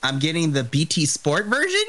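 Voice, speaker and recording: A man co-hosting a casual wrestling podcast, playful and animated, laughing often. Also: fairly high pitch, moderate pace, noisy background. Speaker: podcast co-host. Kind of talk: casual live-react chat.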